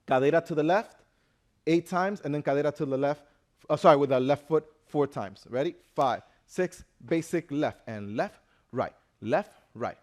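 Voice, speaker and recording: A man's voice: medium pitch, darkish tone. A man teaching a live dance class, upbeat and counting steps aloud in English and Spanish. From Dominican Republic. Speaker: dance instructor. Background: merengue music playing.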